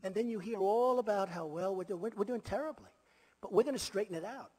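A man's voice: sits high, fast talker, darkish tone. A man giving an emphatic campaign rally speech as a political candidate, repeating his points and adding boastful asides. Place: large rally venue before a crowd. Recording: long reverb of a big hall.

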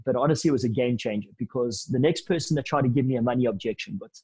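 A man in his thirties, a podcast guest telling anecdotes in a lively, casual way with bits of slang. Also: mid-range voice, rapid-fire, breathy edge, poor audio. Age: 30s. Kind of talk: storytelling in a podcast interview.

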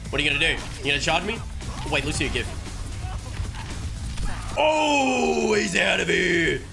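A young man giving joking, excitable gameplay commentary with sudden shouts. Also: sits high, a little slow, gravelly. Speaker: gaming streamer. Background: background music.

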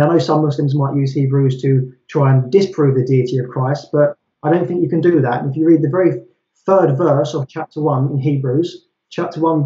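Brief: man, christian debater, measured scripture-citing argument, mellow darker tone, echoey dull recording. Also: a little high. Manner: methodical, citing scripture verse by verse.

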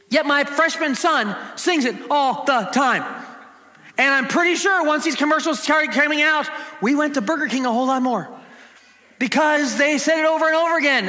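Man, pastor, playful sermon, bright tense high voice, long church-hall reverb. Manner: playful, sings snippets of ad jingles to the congregation. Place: church sanctuary.

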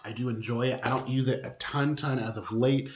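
Man, beauty vlogger, casual review chat, gushing and expressive, mid pitch, echoey room. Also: noisy background. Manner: expressive, gushing, drawn-out exclamations. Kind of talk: casual makeup review vlog.

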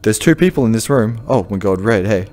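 A man's voice: lowish voice, lively intonation, fairly quick, a little mellow. An Australian man hosting a gaming video, joking and teasing his teammates in casual banter over a VR headset mic. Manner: joking, teasing, laughs often.

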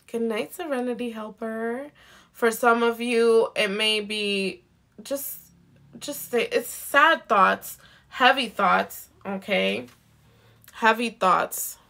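A woman giving a live zodiac card reading in a gentle, reassuring way, repeating herself and often checking in with "okay?". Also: mid-range voice, vocal fry. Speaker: intuitive card reader.

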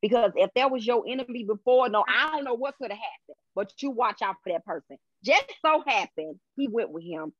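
A middle-aged woman, a podcast co-host, telling an expressive story and acting out the voices in it. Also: a little high, fairly quick, few pauses, no room sound. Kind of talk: animated storytelling. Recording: dull, lo-fi sound.

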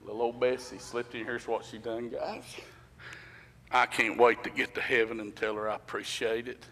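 Pastor guy preaching, homespun stories, gets loud and emphatic, big church reverb. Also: mid-range voice, fairly even intonation, moderate pace. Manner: folksy storytelling, rising to emphatic preaching. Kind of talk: sermon. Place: church sanctuary.

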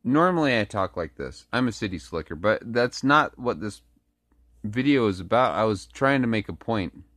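A man's voice: fairly low pitch, expressive, normal speed, fairly bright tone, dry recording. A man vlogging in a rambling, casual way, full of crude jokes and asides.

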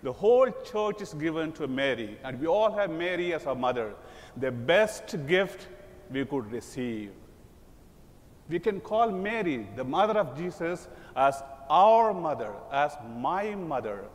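A man preaching a sermon as a priest, slow and emphatic, voicing quoted lines with dramatic lift. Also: on the high side, sing-song. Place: large church. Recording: long church reverb.

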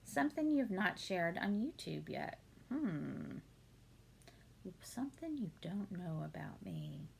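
Chatty woman with a gravelly edge. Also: on the low side, sing-song, slow, a little hiss or hum. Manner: chatty, warm-hearted, many ums and laughs. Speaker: beauty vlogger answering viewer questions. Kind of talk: casual Q&A chat. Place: home.

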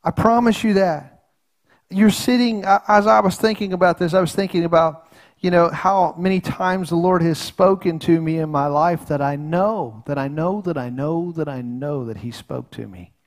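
A man's voice: fairly high pitch, normal speed. Earnest folksy pastor, a man. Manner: folksy, earnest, repeats words and restarts. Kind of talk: sermon. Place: church sanctuary.

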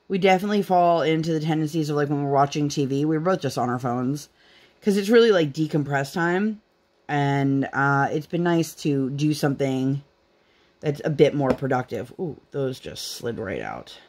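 A woman's voice: deep voice, unhurried, darkish tone. A young woman hosting a craft channel, chatting casually while she works on a project at home, rambling with lots of fillers.

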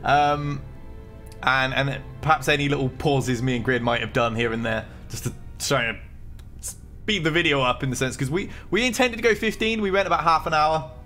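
With faint music in the background, a man streams a game live, speaking at normal speed in a sharp, mid-range voice. Jittery on coffee, he keeps things chatty and jokey and reads game lines aloud.

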